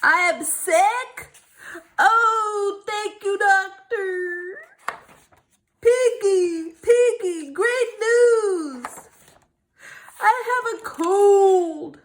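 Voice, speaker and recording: A woman's voice: sits high, expressive, very slow, full character voice. A woman voicing an anxious, melodramatic young male elephant in a children's storybook read-aloud. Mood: wailing. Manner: melodramatic, loud, wailing.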